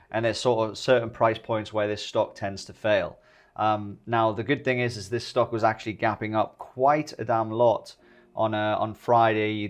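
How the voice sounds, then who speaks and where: A man giving a casual, jokey trading tutorial, speaking directly to his viewers as he goes over a chart. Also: on the low side. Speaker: stock trading YouTuber.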